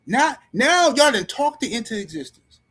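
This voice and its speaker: A man's voice: very high-pitched, very animated, moderate pace, fairly bright tone. A man hosting a live stream, ranting about boxing in a heated, slangy way and speaking straight to his viewers.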